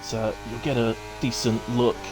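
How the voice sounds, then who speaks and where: A middle-aged man chats through a sim-racing live stream in a loose, unscripted way. He rambles, restarts his sentences and fills gaps with ums and uhs. A faint hiss of noise sits under his mid-pitched voice. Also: flat delivery, moderate pace. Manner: rambling and self-deprecating, with many fillers and restarts. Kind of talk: casual live-stream commentary.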